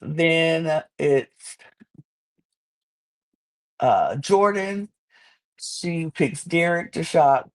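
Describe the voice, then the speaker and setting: A woman hosting a podcast, chatting casually and animatedly about a reality show, sometimes acting out people in high squeaky voices. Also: animated, very slow, pauses often. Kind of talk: casual chat.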